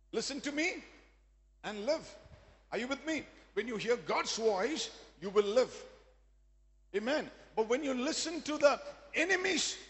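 A man preaching a sermon as pastor, emphatic, often asking the congregation if they are with him. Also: very high voice. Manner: emphatic preaching with call-and-response asides. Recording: long hall reverb.

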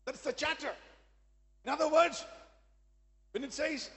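A man's voice: extremely high pitch, normal speed, pauses often, a bit bright. A man preaching a sermon as pastor, emphatic, often asking the congregation if they are with him. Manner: emphatic preaching with call-and-response asides. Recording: long hall reverb.

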